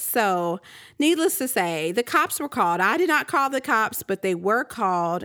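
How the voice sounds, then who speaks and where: Woman, podcast host, thirties, half-awake, animated storytelling, middle pitch, dry close sound. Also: no room sound. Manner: animated storytelling, acting out her own reactions. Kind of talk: casual ranting monologue.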